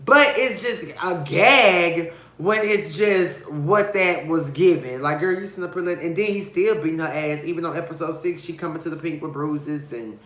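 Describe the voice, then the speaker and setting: A man reviews a show in a casual vlog, gossiping bluntly and with lots of sass. His bright, sharp voice leaps up and down for dramatic effect. The sound has a roomy echo. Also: slight background noise. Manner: dramatic, sassy and expressive, with big swings of pitch and loudness; gossipy and blunt, with slang and profanity.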